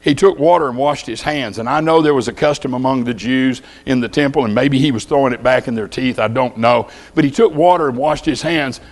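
A man's voice: medium pitch, a little fast, hardly any pauses. A man with a Texan accent preaching a sermon in church, telling folksy stories and firing rhetorical questions at the congregation.

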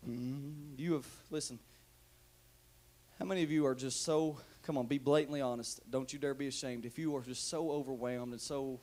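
A male pastor preaching to a church congregation, moving between hushed talk and shouted calls for the room to answer back. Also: medium pitch, steady tone, brisk. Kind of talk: sermon.

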